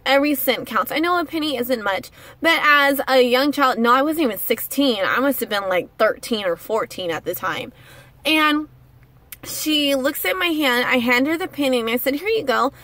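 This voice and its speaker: A young woman vlogger tells a story straight to camera in an indignant, animated way. Her voice sits high and sounds bright and crisp. The recording is dry and close, with no room sound. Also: normal speed, no room sound. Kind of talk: casual rant to camera.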